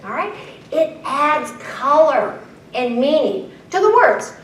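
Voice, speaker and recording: A woman keynote speaker with a high, very lively voice. She speaks playfully and keeps calling on the audience with questions. Her voice sits a little back from the mic in an echoey conference room, with a faint rumble underneath. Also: takes it slowly, far from the mic. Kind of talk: live presentation to an audience.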